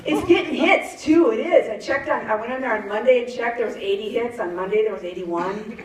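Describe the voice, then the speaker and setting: A woman's voice: on the high side, brisk. Woman, 50s, stand-up comic, chatty and giggly; very echoey room, distant mic. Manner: chatty, laughs at her own jokes, asks the crowd. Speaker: stand-up comedian. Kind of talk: stand-up comedy set. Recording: echoey venue, mic far off, faint ambience.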